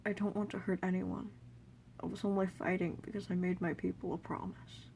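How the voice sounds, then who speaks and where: A big gentle monster king, an older male, speaking softly with regret and kindness, as a woman reads him in her own voice. The lines sit in a storybook audio reading. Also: on the low side, flat delivery, fairly quick, vocal fry, a little hiss or hum. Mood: kind, remorseful. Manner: soft, kindly, apologetic.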